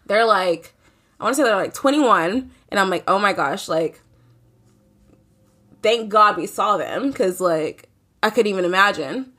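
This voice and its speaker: A woman's voice: medium pitch, animated, measured pace, long pauses, a bit bright. A young woman telling a night-out story in casual chat, swearing freely and acting out quotes.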